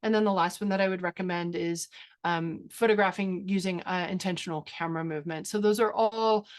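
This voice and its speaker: A woman's voice: lowish voice, fairly quick. Woman, photography instructor, webinar talk, enthusiastic, chatty fillers, video call. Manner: enthusiastic, animated storytelling with frequent fillers and laughs. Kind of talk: webinar presentation and Q&A.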